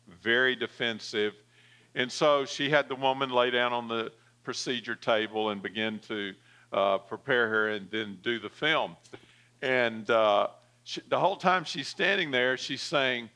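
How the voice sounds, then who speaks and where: Bright-voiced male pastor preaching. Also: mid-range voice, measured pace, smooth. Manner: storytelling with fillers, calls for amen. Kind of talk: sermon.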